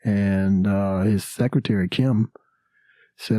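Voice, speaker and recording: A man's voice: lowish voice, fairly even intonation, normal speed, dark tone, no room sound. A man, a comedian and podcast guest, telling a story casually with lots of fillers and acted-out quotes. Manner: anecdotal, many fillers, acts out quotes. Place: podcast studio.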